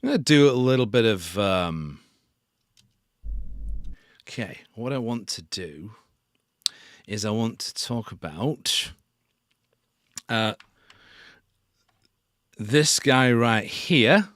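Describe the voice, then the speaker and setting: A man's voice: fairly low pitch, animated, slow pace, pauses often, fairly bright tone, no echo, clean studio sound. A man hosting a casual live stream tutorial on sound design and joking about himself as he works. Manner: casual, self-deprecating.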